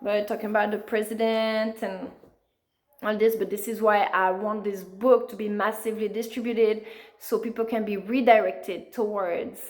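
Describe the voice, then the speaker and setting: A woman's voice: mid-range voice, fairly even intonation, moderate pace. A woman, an author being interviewed, talking earnestly in a conversational way with frequent fillers. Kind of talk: conversational storytelling.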